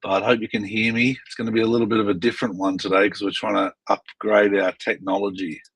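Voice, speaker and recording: A man hosting a relaxed video call chat from a boat, laughing easily. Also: lowish voice, fast, husky, no room sound, poor audio. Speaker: host. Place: on a boat bridge.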